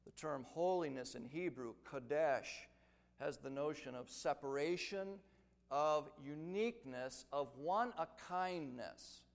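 A man preaching an expository sermon, building to loud, emphatic crescendos. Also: fairly high pitch, slow, vocal fry. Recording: long reverb of a large hall.

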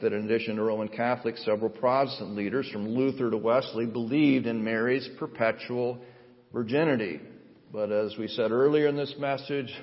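Man preaching in an echoing sanctuary. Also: medium pitch. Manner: measured, earnest preaching with emphatic rises. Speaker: pastor. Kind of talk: sermon with scripture reading. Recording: dull sound with long hall reverb.

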